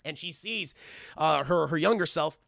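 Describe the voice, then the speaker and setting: This is a male streamer recapping a cartoon for his live chat, animated and cursing as he goes. His voice sits a bit high and has a gravelly, bright edge. The sound is dry and close to the mic. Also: moderate pace, dry recording. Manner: animated, swears a lot, keeps addressing the chat. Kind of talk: casual profane scene recap.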